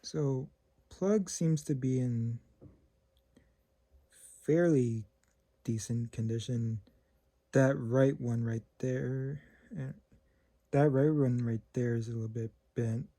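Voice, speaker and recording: A man unboxing an old fan in a casual vlog at home. He talks in a halting, sentimental way and checks in with whoever is filming. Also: mid-range voice, fairly even intonation, dark tone, no room sound. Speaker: vintage fan collector. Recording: noisy home recording.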